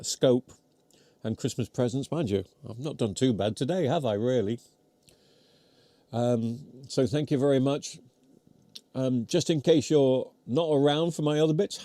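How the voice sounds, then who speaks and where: A man's voice: mid-range voice, dark tone, no room sound. A British man hosting a live stream, chatting casually while chewing, rambling and poking fun at himself, his voice getting worn. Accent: British English. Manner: rambling, chatty, self-deprecating. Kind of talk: casual live chat reading comments. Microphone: close mic near mouth.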